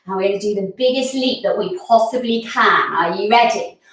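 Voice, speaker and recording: A woman's voice: medium pitch, brisk, fairly bright tone, recorded from a distance. A woman leading a children's yoga lesson, giving encouraging instructions and singing counting verses, a little out of breath. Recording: echoey room, voice from away from the mic.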